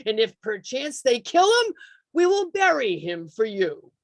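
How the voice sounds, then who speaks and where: A woman voicing a big, blustering male team owner who shouts his offer, in a poem reading over a video call. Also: very animated, unhurried, no echo, clean studio sound. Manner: shouting, booming.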